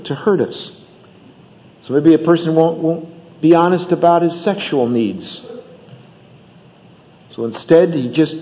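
A man's voice: on the high side, big-room sound, highs cut off. A man preaching a sermon about marriage in an earnest manner, with rising emphasis and acted bits of dialogue. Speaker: pastor.

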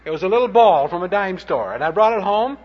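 A man's voice: high-pitched, animated, quick pace. A man preaching a sermon, telling short anecdotes in a plain-spoken, punchy way. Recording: dull lo-fi recording.

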